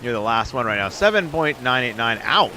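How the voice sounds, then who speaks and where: A man streaming and giving quick, upbeat live commentary on viewer runs in a game, calling scores and turn order. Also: medium pitch, very animated, background noise. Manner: upbeat, quick hype calls with laughs.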